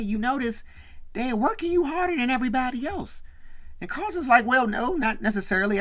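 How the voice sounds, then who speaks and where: A woman's voice: mid-range voice, fairly bright tone. A woman hosting a show, casually recapping a sitcom episode, quoting the characters and filling her talk with "you know" and "right". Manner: retells scenes by quoting the characters' lines.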